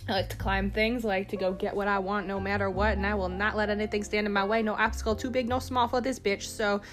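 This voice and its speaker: A woman's voice: medium pitch, little pitch movement, fast. A young woman ranting casually to the camera, profane and rambling with a self-mocking edge.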